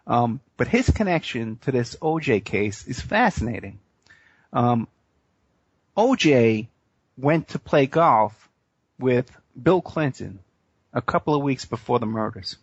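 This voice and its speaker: A man's voice: medium pitch, big pitch swings, a little slow, breathy edge. A man hosting a radio talk show, spinning a long story with many fillers and restarts. His voice sits in a middle range. The sound is dull and lo-fi, with no room echo. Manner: rambling storyteller, frequent fillers. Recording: muffled dry radio audio.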